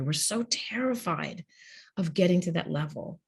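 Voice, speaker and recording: A woman with a husky, somewhat low voice talks openly as a podcast guest. She laughs easily and slips into playful acted-out quotes of other people. Her delivery stays frank and conversational. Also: animated, unhurried. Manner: candid, laughs often, acts out quoted speech. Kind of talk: conversational interview.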